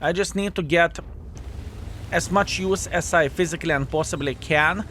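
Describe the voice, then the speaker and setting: A man's voice: a little high, moderate pace, a little hiss or hum. Upbeat man commentating his gameplay. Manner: animated, addresses viewers as fellas, self-mocking asides. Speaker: video game player and channel host.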